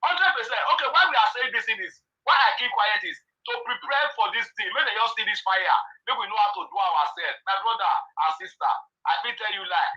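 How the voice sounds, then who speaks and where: High-pitched man on a muffled line. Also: lively intonation, pushed and bright. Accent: Nigerian Pidgin English. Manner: passionate, rapid rhetorical questions. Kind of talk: casual political chat.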